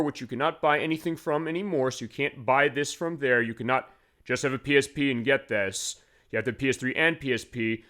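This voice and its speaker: A man's voice: mid-range voice, fairly bright tone. Rambling man explaining console tricks. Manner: rambling, explains with many fillers. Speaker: game stream host. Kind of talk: casual explanatory voice-over.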